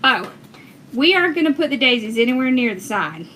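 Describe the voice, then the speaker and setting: A woman's voice: high voice, sing-song, a little fast, background noise. A woman, chatting casually as she teaches wreath making on a livestream, working and reading viewers' comments aloud as she goes. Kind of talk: casual livestream craft tutorial.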